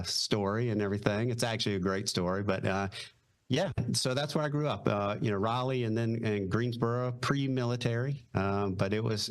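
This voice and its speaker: A middle-aged man with a Southern drawl from North Carolina. His voice sits fairly low, and he tells stories in an easygoing, rambling way full of fillers. He sounds like a guest chatting on a podcast over a video call. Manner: easygoing, many fillers, retells quotes. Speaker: podcast guest, retired Marine helicopter pilot. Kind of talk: casual storytelling interview.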